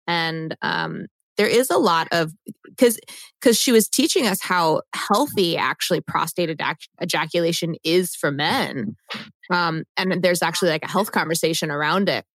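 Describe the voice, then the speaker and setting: A woman's voice: lowish voice, moderate pace, no echo. Effusive woman hosting a podcast. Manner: warm, effusive, laughs often. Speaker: podcast host. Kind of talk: casual podcast interview.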